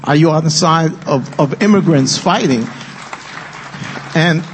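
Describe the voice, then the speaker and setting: A man's voice: fairly high pitch, measured pace, long pauses. Passionate man in a reverberant hall. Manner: passionate, earnest, speaks from the heart. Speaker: film co-director on a panel. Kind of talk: emotional panel remarks. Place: event hall with live audience. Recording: long-reverb hall with faint noise.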